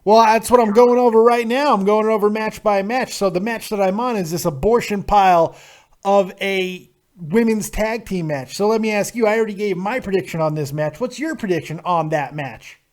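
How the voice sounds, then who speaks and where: Profane male host, ranting, sarcastic, fairly high voice. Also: moderate pace. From Nevada, USA. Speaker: call-in show host. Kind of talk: profane call-in wrestling commentary.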